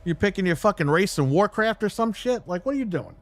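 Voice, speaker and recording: A man's voice: high voice, expressive, brisk, faint music behind. A man ranting angrily and bluntly on a live stream, swearing heavily and mocking the people he argues with. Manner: angry, blunt and heavily profane, mocking voices he quotes. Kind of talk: profane rant on a live stream.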